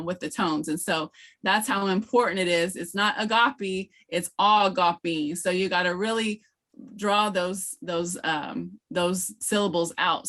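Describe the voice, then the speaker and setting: A woman running an online teacher training, explaining patiently with frequent ums and slowly modelling pronunciations over a video call. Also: medium pitch, a bit bright. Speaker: language instructor.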